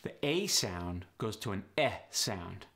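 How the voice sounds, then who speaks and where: A man working as an accent coach, briskly explaining pronunciation changes in a matter-of-fact instructional style. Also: sits low, sing-song, a bit bright.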